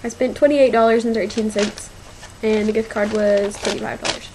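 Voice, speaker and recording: A woman's voice: mid-range voice, steady tone, noisy background. A young woman in her teens rambling through a casual shopping haul video, with lots of fillers and y'all. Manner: slow, rambling, filler-heavy, says y'all. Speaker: vlogger.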